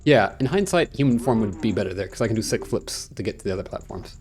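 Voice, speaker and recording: Excitable man commentating a game. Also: fairly low pitch, fast talker. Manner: excitable, jokey, rambling, panicky outbursts. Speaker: gaming channel host. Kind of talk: casual let's-play commentary.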